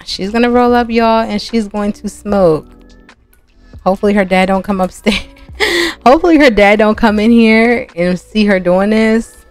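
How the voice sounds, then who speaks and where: A woman's voice: mid-range voice, normal speed. Chatty woman narrating gameplay. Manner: chatty, laughing, talks to viewers. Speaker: gaming channel host. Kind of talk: casual gameplay commentary. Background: soft music.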